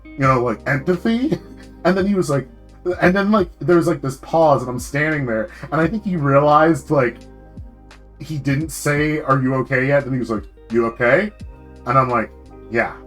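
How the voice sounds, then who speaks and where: Young dude vtuber ranting about work, cussing, voice jumps way up when he gets worked up, faint music behind. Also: normal speed. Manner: swearing, laughing, animated ranting with sudden pitch jumps. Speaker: VTuber streamer. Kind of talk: ranting casual storytime.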